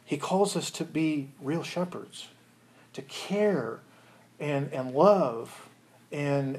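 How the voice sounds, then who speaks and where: Husky earnest preacher man. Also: fairly high pitch, a little mellow. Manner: earnest, with many restarts and chuckles. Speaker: pastor. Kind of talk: sermon.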